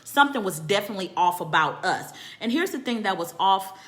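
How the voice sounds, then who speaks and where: A woman telling a personal story in a candid, animated and profane way, often repeating phrases for emphasis. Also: medium pitch, brisk. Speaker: storytelling vlogger.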